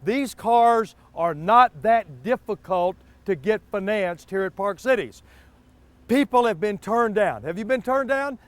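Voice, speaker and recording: A man hosting a car sales show from an outdoor dealership lot, pitching deals in a folksy, repetitive way. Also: lively intonation, measured pace, no room sound. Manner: folksy, repeats words, stumbles.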